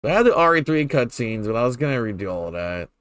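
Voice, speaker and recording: A young man rambles through casual game commentary, cursing freely and breaking into laughs. His pitch jumps around a lot as he talks. The sound is dry and close, with no room echo. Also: very animated, fast, a bit bright. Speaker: streamer.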